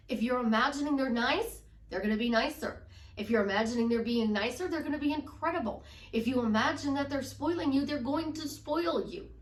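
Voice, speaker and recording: A woman's voice: high voice, roomy sound, far from the mic. A woman life coach talking emphatically and acting out her clients' doubts in quoted voices. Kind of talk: casual motivational talk.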